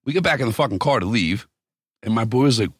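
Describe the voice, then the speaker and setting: Podcast co-host, male: deep husky voice, swings wide when telling stories, crude and blunt, dry room. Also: quick pace, no room sound. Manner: profane, animated storyteller. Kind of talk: casual chat.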